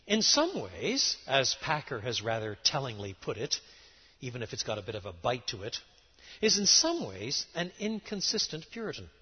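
A middle-aged man preaching a lecture-style sermon, emphatic and animated, with sudden rises and drops in his voice. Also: medium pitch, normal speed, slightly rough. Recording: dull sound in a large reverberant hall.

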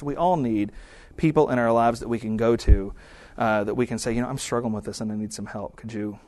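A man's voice: mid-range voice, darkish tone, dry recording. A married man preaching a sermon in a conversational style, often acting out quoted prayers and remarks. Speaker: pastor.

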